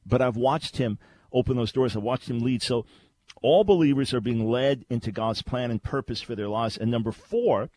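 A man's voice: medium pitch, normal speed, a little mellow. A man hosting a Christian call-in radio show, teaching in an earnest, conversational way with frequent restarts. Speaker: radio talk show host. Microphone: studio microphone.

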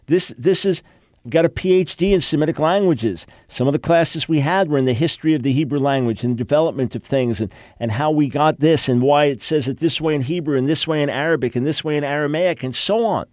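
This man's voice is on the high side with a darkish tone and no room sound. A Bible scholar with a PhD in Semitic languages, he lectures emphatically on changes in Hebrew names and words, quickly deriding opposing claims by quoting their objections mockingly.

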